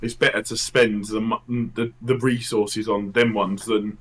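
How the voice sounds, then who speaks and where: A man's voice: lowish voice, little pitch movement, unhurried, a bit bright. A man, a podcast guest, chatting casually with many hesitant restarts. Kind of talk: casual chat.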